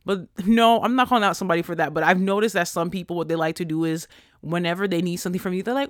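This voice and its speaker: A young adult podcast host talking straight to listeners in a casual rant, blunt and sassy, full of swearing, with big swings in pitch. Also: rapid-fire, dry recording, clean studio sound. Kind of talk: casual ranting monologue.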